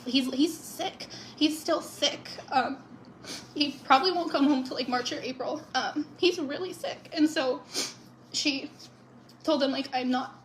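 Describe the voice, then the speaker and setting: A tearful woman telling her sister's story to camera, halting with many pauses and apologies while crying. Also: sits high, slight background noise. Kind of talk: emotional social-media storytelling.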